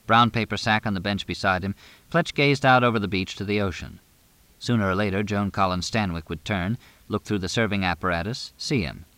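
Low, dry-sounding man narrating a novel at a steady, measured pace. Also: dry recording. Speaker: audiobook narrator. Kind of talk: scripted narration.

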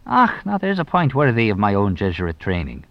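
A man's voice: fairly low pitch, huge pitch swings, moderate pace, no room sound, highs cut off. A man voicing a shrewd, teasing police inspector who probes with dry, mock-innocent questions. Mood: sly.

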